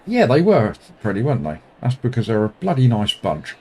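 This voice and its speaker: A man streaming a sim race, commenting live and bantering with viewers in an excitable, self-mocking way. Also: mid-range voice, a little fast, husky. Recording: loud racing game engine noise behind.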